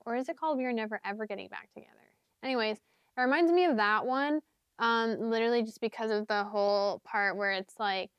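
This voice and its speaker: A book vlogger, a young woman with a fairly high voice, talks a little fast in a clean, echo-free recording. She chats about books and songs in a rambling way, using many fillers and "like"s and occasionally half-singing lyrics.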